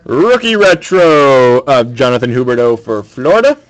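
A man's voice: medium pitch, sing-song. Man calling out hockey card pulls. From Canada. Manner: brisk, matter-of-fact announcing. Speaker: card break host.

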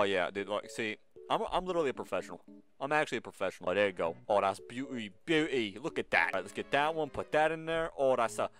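A man talks through a cooking game in casual commentary, his pitch swinging up and down in a lively way. He jokes and banters with the on-screen customers. Soft music plays underneath. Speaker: gaming channel host.

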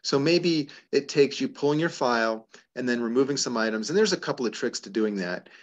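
A man's voice: mid-range voice, fairly quick. A middle-aged man hosting a casual advice talk, answering a caller's questions and telling stories with frequent laughs. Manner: animated, storytelling with laughs. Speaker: host answering member questions.

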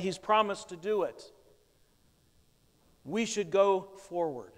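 Preaching slowly and animatedly in a high voice, a male pastor explains scripture with emphatic, plain conviction. The sermon is recorded in a church sanctuary with long reverb.

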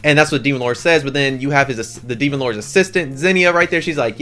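A man giving a casual anime review with a slangy, excitable, rambling way of telling the story. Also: medium pitch, quick pace, few pauses.

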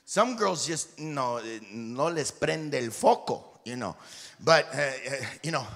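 A missionary delivers a sermon in an echoey church sanctuary, leading the congregation in call-and-response and trading jokes with them. His voice is a little high, expressive, gravelly and a bit bright, and he speaks slowly.

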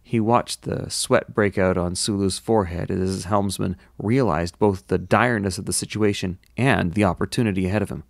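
A man reading a science fiction novel aloud in steady narration, with occasional self-deprecating asides. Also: deep voice, normal speed, creaky, hardly any pauses, no echo, clean studio sound. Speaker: audiobook reader.

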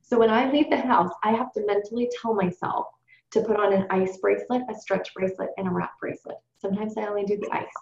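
A woman's voice: mid-range voice, steady tone, quick pace, a little mellow. A woman leading a sales team training call, coaching in an upbeat, chatty way and addressing the group directly. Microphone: call or webinar. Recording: roomy, dull conference call audio.

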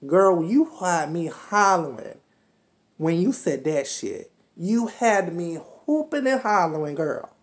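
A woman's voice: lowish voice, very animated, takes it slowly. A woman heatedly recapping a reality show, cursing and scolding the cast as if they could hear her. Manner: heated, profane, scolding, talks straight to the cast. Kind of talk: ranting recap commentary.

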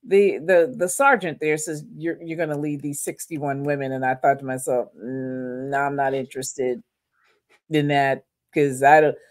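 A woman's voice: extremely low pitch, normal speed. A middle-aged woman from Louisiana, a podcast guest telling her story and acting out the quotes. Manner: animated storyteller, acts out quotes.

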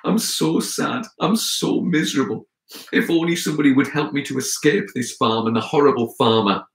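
A man's voice: mid-range voice, moderate pace, reverberant, voice pushed up, natural voice. A man voicing a miserable, mistreated farm sheep in a storybook tale, whining and sorrowful. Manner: whiny, sorrowful.

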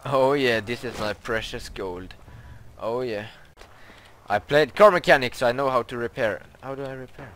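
A young man, commenting on his own video game play, who gets excitable and yelps and shrieks when startled. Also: medium pitch, moderate pace, slight background noise. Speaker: gaming YouTuber.

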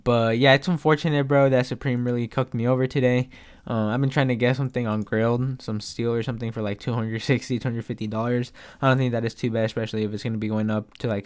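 Young guy vlogging live, hyped and cussing, smooth clear voice, says bro nonstop. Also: mid-range voice. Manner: excitable, swears a lot, keeps saying "bro". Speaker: streetwear vlogger. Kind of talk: casual live commentary.

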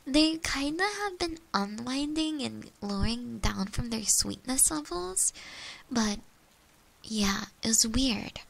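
A young woman streamer telling casual rambling stories during an ASMR stream, swearing freely and slipping into soft whispers. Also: a little high, animated, slow pace, gravelly. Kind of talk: chatty ASMR stream storytelling.

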